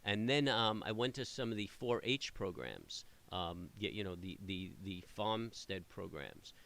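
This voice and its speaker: A man's voice: lowish voice, animated, measured pace, vocal fry, a bit bright. A middle-aged man hosting a trading stream, chatting casually with viewers in a rambling way, full of fillers and restarts. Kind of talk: casual chat with live viewers.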